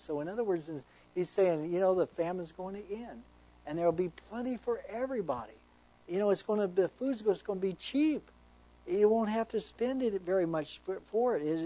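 A pastor works through a sermon verse by verse, earnest and conversational, reading scripture aloud with emphasis. His voice is high and warm, though the recording is rough.

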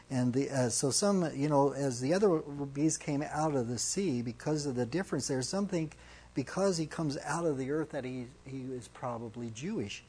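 Husky-voiced man teaching scripture. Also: mid-range voice, mellow. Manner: halting, restarts phrases, reads scripture with emphasis. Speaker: pastor. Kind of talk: verse-by-verse Bible teaching.

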